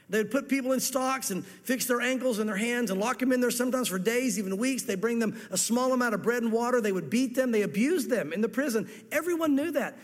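A man preaching a sermon, earnest, acting out the parable's dialogue in different voices. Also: high voice. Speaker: pastor. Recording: long hall reverb.

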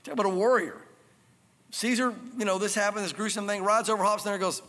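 A male pastor preaching a sermon, telling the story in an animated way and acting out scenes. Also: high voice, fast talker. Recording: reverberant hall.

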